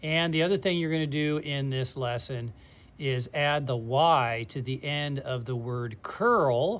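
A man teaching a phonics lesson to young readers, patient and deliberate, stretching out sounds and repeating each word. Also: mid-range voice. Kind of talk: slow, clear instruction for young readers.

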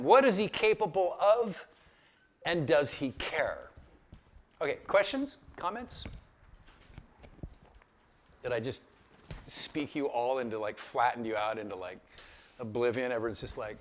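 Animated male pastor teaching conversationally. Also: fairly high pitch, a little slow, pauses often. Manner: conversational, animated storytelling with frequent "right?". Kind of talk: casual Bible study teaching.

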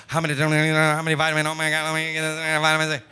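A man's voice: fairly high pitch, monotone, very fast, sharp tone. A man hosting a live trivia night at a comedy club, teasing the players and laughing often. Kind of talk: live event banter.

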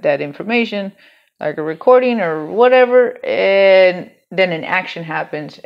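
A woman telling a personal story in a candid, rambling way, swearing freely and restarting her sentences. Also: deep voice. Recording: dull lo-fi home recording.

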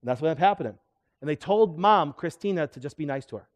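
Speaking quickly in a fairly high voice, a middle-aged male chiropractor leads a live health seminar. He stays animated, constantly quizzing the audience.

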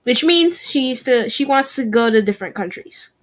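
Young woman vlogging, kinda high voice, chatty, keeps correcting herself out loud. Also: lively intonation, normal speed, faint music behind. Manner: chatty, self-correcting, repeats practice phrases aloud. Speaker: language-learning vlogger. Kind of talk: casual vlog chat.

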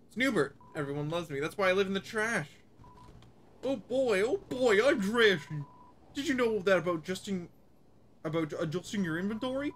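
A woman's voice: medium pitch, animated, moderate pace, a little hiss or hum, voice pushed up, natural voice. A woman voicing a cheery male trash-can creature in a video game, with a bouncy, sing-song delivery.

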